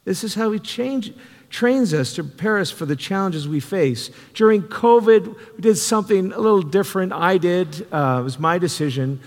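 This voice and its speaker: A man's voice: high voice, expressive, moderate pace. A man preaching a sermon, telling a personal story in an earnest, conversational way with frequent restarts. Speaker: pastor. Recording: reverberant hall.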